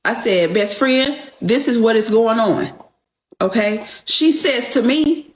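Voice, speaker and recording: A woman's voice: on the high side, lively intonation, takes it slowly. A woman telling her story on a show, emphatic and profane, often checking in with "okay?". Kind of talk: casual storytelling. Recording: echoey room.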